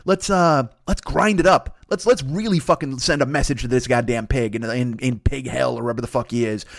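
A man's voice: medium pitch, a little fast, natural voice. A man voicing two crude, vengeful male cavemen who swear and bicker. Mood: gruff. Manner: gruff, swearing, exaggerated.

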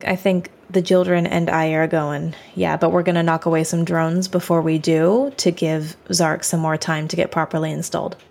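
A woman's voice: low voice, little pitch movement, moderate pace, gravelly, few pauses, darkish tone. A woman playing a tabletop game in a playful manner. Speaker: player. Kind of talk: casual tabletop game play.

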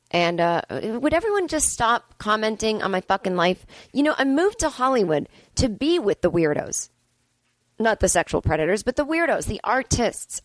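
A woman's voice: medium pitch, big pitch swings, moderate pace, dry recording. Sarcastic, swearing woman comedian ranting. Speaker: comedian and podcast host. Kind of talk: casual solo monologue. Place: at home.

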